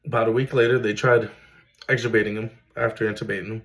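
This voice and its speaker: A man's voice: fairly low pitch, flat delivery, fast talker, fairly bright tone, poor audio. A man, earnestly telling his own emotional story as a father, with many fillers. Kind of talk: personal storytelling to camera.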